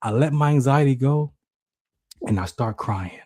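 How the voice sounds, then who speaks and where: A man's voice: measured pace, no room sound, studio quality. A man co-hosting a talk show, telling a personal story with emotion and acting out voices in his head. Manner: emotional, animated, acts out inner voices in high shouts. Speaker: podcast co-host.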